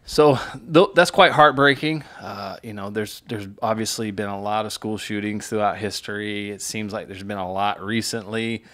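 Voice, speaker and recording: Pastor talking through song lyrics. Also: male voice, on the low side, fairly even intonation, moderate pace, hardly any pauses, sharp tone. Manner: analytical, reads lyrics aloud and explains them, many fillers and restarts. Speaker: pastor reacting to music. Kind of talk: casual reaction chat.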